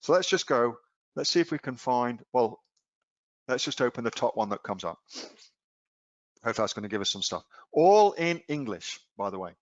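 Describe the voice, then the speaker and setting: A man's voice: mid-range voice, very animated, normal speed, pauses often, dry recording, lo-fi sound. A man with an Australian accent coaching viewers in a live screen-share webinar, casual and blunt, often throwing rhetorical questions at his audience. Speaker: online selling coach.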